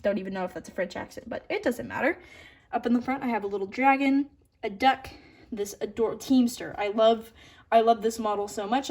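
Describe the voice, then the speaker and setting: With a mid-range voice, a young woman walks through her model horse collection in a casual, upbeat, talkative manner. Occasionally she stutters and starts over, and her side comments trail away softly.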